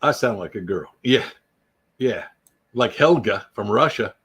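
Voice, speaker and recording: A man's voice: lowish voice, animated, unhurried, fairly bright tone, breathy edge. A man hosting an unscripted livestream, rambling and joking as he greets viewers by name. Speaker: YouTube livestream host. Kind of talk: casual unscripted live chat.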